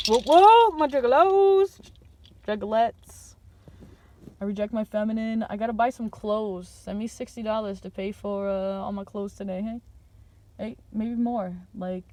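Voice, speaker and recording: A woman vlogger talking to her viewers in a meandering, playful monologue full of slang, drifting between calm and loud. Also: medium pitch. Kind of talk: rambling stream-of-consciousness monologue.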